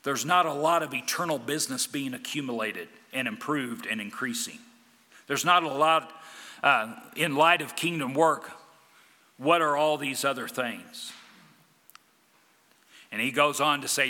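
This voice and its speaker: A man preaching a sermon as a pastor, emphatic, with big swings from loud declarations to quiet, low lines. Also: measured pace, pauses often, long reverb tail.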